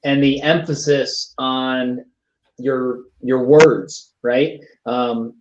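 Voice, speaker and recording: A man's voice: medium pitch, steady tone, drawn-out words, darkish tone, a little hiss or hum. A real estate trainer speaking as a guest, earnestly and emphatically explaining his point on a video call. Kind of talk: casual chat. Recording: echoey, dull video call audio.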